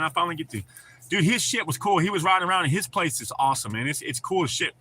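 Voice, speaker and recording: A man's voice: fairly high pitch, racing, pushed and bright, a little hiss or hum. A man hosting a livestream, chatting casually with viewers, laughing often and swearing freely. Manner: profane, laid-back, laughs often. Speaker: livestream host.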